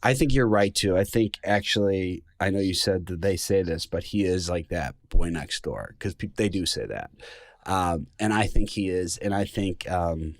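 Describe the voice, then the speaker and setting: Brief: easygoing male host with a lowish voice, recorded dry and close, rambling with fillers. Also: normal speed, no room sound. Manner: laid-back, many fillers. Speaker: podcast host. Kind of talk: casual chat.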